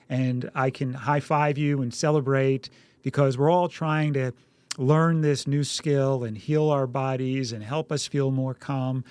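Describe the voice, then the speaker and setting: Man, middle-aged, podcast co-host, casual parenting tips, acts out dialogue in quoted voices, mid-pitched, dry close sound. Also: steady tone, measured pace, a little mellow, clean tone, no room sound. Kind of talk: casual parenting advice chat.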